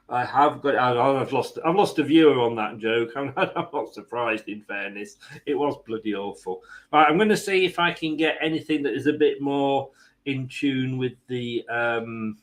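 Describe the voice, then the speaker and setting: A man's voice: mid-range voice, unhurried. A man hosting a football watchalong stream, mixing live match commentary with rambling, self-mocking jokes.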